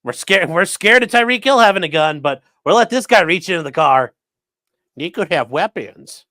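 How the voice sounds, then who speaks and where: A man streaming live commentary in a sarcastic, rambling way, swearing freely. His voice sits somewhat high for a man. The sound is dry and close, with no room around it. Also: expressive, normal speed, pushed and bright, no room sound. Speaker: streamer host.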